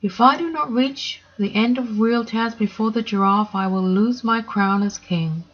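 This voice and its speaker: A woman's voice: on the high side, a little slow, lo-fi sound. A woman voicing a vain male lion king who is never satisfied, wistful and pleading.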